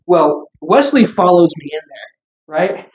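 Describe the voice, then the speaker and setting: A man's voice: high-pitched, expressive, a little slow, darkish tone, low-quality recording. A young man telling stories in casual chat, swearing and laughing as he goes. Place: small echoey room.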